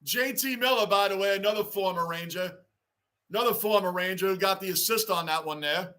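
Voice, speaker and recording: A man hosting a live sports reaction stream, rambling excitedly and reading fan chat aloud. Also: high-pitched, brisk. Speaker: livestream host.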